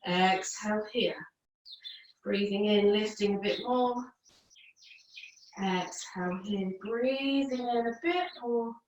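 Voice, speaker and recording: A woman's voice: mid-range voice, slow pace, long pauses, muffled recording. A woman yoga teacher guiding a class, cueing each movement to the breath and offering easier and harder options. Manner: calm cueing that follows the breath, with counts and options. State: out of breath at times. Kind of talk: guided yoga class instruction. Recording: echoey room, mic at a distance.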